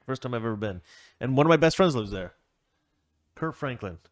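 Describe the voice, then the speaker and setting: A man's voice: mid-range voice, brisk, no echo, clean studio sound. A man hosting a casual livestream Q&A, chatting loosely and acting out the voices in a story he tells. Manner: animated, acts out voices when telling a story. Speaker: livestream host.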